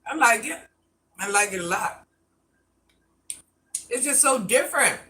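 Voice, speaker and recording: A woman's voice: a little high, animated, unhurried, pushed and bright. An older woman casually chatting with her viewers while she eats and savors her food on a live stream. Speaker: mukbang streamer. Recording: distant mic with faint background noise.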